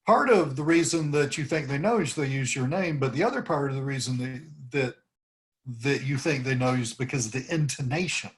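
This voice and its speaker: Rambling man coaching on a video call. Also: fairly high pitch. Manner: rambling, demonstrates phrases with rising intonation. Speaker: team leader coaching cold calls. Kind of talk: informal team meeting talk.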